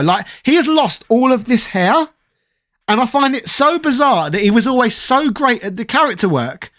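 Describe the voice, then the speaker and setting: A man's voice: high-pitched, a bit bright. A man from London in his thirties with a London accent, casually chatting with his live-stream chat, reading out comments and rambling through jokes. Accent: London English. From London, England. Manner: rambling, chatty, reads chat aloud and riffs with quick jokes.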